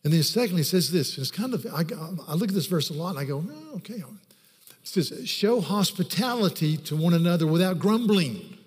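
A man's voice: a little high, animated, fairly quick, darkish tone. A male pastor preaching a sermon, telling stories and then pressing his points from scripture with emphasis. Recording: reverberant hall recording.

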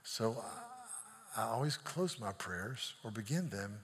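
Husky male pastor telling stories in his sermon, long echo off the church walls. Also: lowish voice, lively intonation, unhurried. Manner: emphatic storyteller, rising to loud declarations. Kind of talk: sermon with storytelling. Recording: long hall reverb.

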